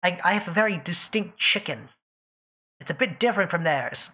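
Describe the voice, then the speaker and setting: A woman's voice: on the low side, expressive, moderate pace, pushed and bright. A woman streaming live, chatting casually and teasing her viewers by name while she draws.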